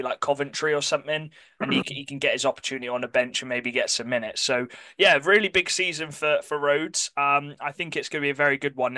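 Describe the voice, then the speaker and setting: A man chats casually as a podcast co-host, often backtracking to correct himself. His voice is bright and crisp, recorded close and dry with no room echo. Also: fairly high pitch. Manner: chatty, self-correcting, apologetic about pronunciation. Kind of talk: casual sports chat.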